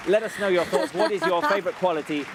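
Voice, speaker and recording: A man's voice: sits high, quick pace, a crowd in the background, noisy background. A man hosting a live football show, chatting playfully with co-hosts and calling the match. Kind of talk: lively studio chat with play-by-play.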